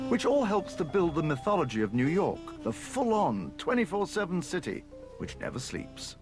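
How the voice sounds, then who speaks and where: An English presenter narrates a documentary in a measured, wry voice. His pitch swings widely from phrase to phrase. Music plays clearly underneath him. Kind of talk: scripted voice-over narration.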